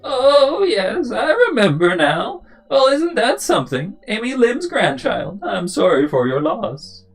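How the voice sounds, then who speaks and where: A streamer voicing a teasing old woman in her eighties, in a slow sing-song manner, reading game dialogue aloud. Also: mid-range voice, wildly swooping pitch, soft background music, pitched above the performer's own voice. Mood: coy.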